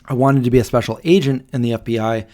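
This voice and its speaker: Guy in his 40s on a late-night stream, rambly storytelling, lots of ums, mid-pitched voice. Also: fairly even intonation, dark tone. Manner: rambling, halting, with many ums and restarts. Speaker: livestream host. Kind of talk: casual storytelling on a live Q&A stream.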